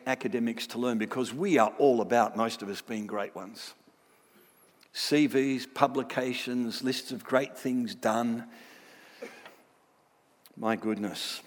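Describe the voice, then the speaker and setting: An academic man gives a lively Bible lecture and keeps checking in with tag questions. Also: medium pitch, big-room sound. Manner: animated, with frequent tag questions.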